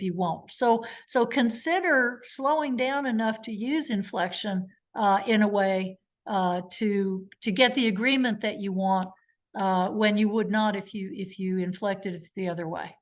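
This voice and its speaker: A middle-aged woman lawyer lectures in a live webinar at a mid pitch. She tells stories and slips into the voices of witnesses and lawyers to act out courtroom exchanges. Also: moderate pace. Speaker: trial lawyer giving a legal education talk.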